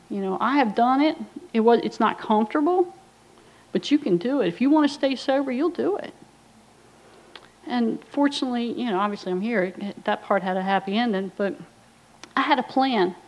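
A woman's voice: a little high, rough recording. A middle-aged woman giving a personal recovery testimony, telling her story bluntly and wryly, with quoted asides. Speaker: recovery speaker.

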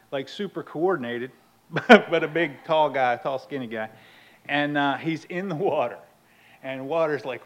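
A man sharing a humorous personal story at a recovery meeting, animated and laughing often. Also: medium pitch, rough recording. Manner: animated, laughs often, acts out his own outbursts loudly.

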